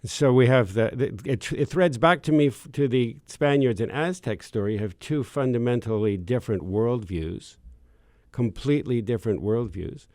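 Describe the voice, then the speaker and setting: A man's voice: medium pitch, normal speed, a little mellow, no room sound. A man hosting a radio talk show from the studio, enthusiastic and meandering as he searches for words. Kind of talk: casual talk show chat.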